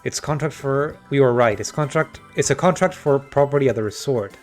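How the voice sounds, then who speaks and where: A man's voice: medium pitch, brisk. A man chats casually over a game stream, tossing out joking asides. Faint music plays behind his voice.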